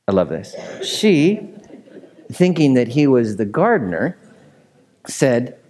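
A man's voice: medium pitch, big pitch swings, takes it slowly, pauses often, a little mellow. A man preaching a sermon in a casual, conversational way, often asking his listeners questions. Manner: conversational, asks the room questions. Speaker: pastor.

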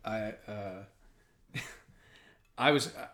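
A middle-aged man casually chatting, telling an animated anecdote and laughing through it. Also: fairly low pitch, extremely slow. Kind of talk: casual storytelling chat.

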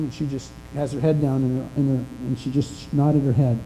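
An older man preaching a sermon in a church, telling stories in a conversational way with pauses and restarts. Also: medium pitch, flat delivery, vocal fry, dark tone, a little hiss or hum, rough recording. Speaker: pastor. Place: church sanctuary.

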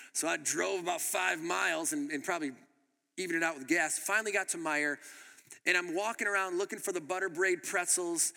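Man preaching, bright sharp voice, animated storytelling, reverb of a church hall. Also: a little high. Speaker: pastor. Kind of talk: sermon with storytelling.

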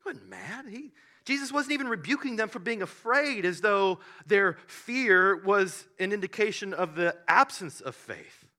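A man preaching a sermon, telling the story with animated bursts and hushed asides. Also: sits high, moderate pace. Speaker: pastor.

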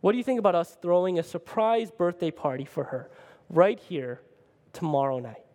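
An eager, friendly pastor, as a preacher plays him, pitches an idea in an upbeat voice. The voice sits a bit high and rings out in a hall with a long reverb. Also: male voice, normal speed, a little mellow.

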